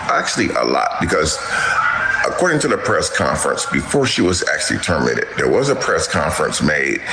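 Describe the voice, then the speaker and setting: A man's voice: a bass voice, gravelly. A man talking casually to his followers in a vlog, repeatedly addressing them as guys. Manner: chatty, keeps calling out to "guys". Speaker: TikTok creator. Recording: echoey room with noise.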